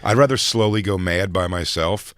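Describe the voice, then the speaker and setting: A comedian guest in a casual studio chat, this man has a deep voice and moves at a moderate pace, with no echo. He tells a rambling story with animation, acting out the voices of the people in it.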